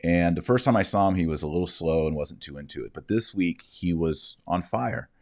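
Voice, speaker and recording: A man with a very deep voice talks straight to his audience in a loose, casual monologue. He rambles from story to story, growing animated as he goes. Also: brisk, no room sound, studio quality. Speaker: host.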